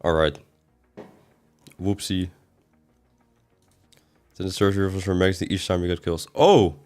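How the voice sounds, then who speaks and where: A man with a fairly low voice talks through a game livestream. He reads his chat aloud and answers it, rambling casually between sudden exasperated outbursts. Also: fairly even intonation, normal speed, a little mellow, soft background music. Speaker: game streamer.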